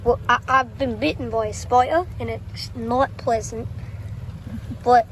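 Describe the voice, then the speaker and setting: A chatty, giggly woman vlogging by a railway crossing, her voice high and her pace unhurried. Rain hisses steadily behind her outdoors. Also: steady tone, low-quality recording. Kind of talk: casual vlog chat. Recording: outdoors with heavy rain noise.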